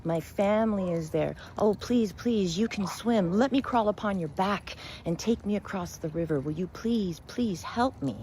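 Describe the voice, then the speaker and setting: A woman's voice: mid-range voice, normal speed, few pauses, warm tone, a little hiss or hum, pitched above the performer's own voice, natural voice. A woman voicing a sly male scorpion from a told fable, wheedling and repeating pleas for help. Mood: pleading. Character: pleading sly male scorpion begging a favor.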